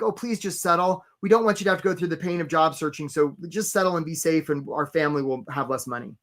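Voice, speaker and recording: Casting note: upbeat male career coach running a live webinar, forceful bright tone, keeps checking in with "right?". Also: high voice. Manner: energetic, peppered with "right?", greets chat names.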